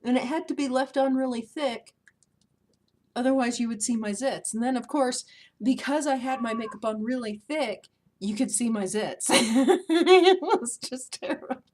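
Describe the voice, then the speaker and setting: Woman, 30s, home vlogger: chatty, self-mocking, quick to laugh, pitch a touch high. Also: darkish tone. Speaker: beauty vlogger. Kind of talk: casual vlog chat.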